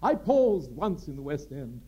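A man's voice: a little high, very animated, measured pace, dark tone, slightly rough, muffled recording, full character voice. A man putting on the voice of a tactless, waspish elderly stage actor, plummy and drawn out. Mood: imperious.

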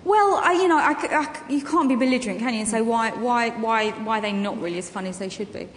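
A chatty woman tells stories on stage, her voice pitched a little high. She pauses often with ums and breaks into small laughs. The sound is a big echoey hall with a long reverb and faint ambience. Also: noisy background. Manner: chatty anecdotal storytelling with frequent ums and laughs. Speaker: guest actress and comedian. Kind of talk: on-stage festival interview.

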